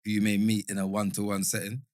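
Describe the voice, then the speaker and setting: Fast-talking low-voiced male podcast guest. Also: monotone, darkish tone, no room sound, studio quality. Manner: measured, explains points in long runs. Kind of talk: casual podcast chat.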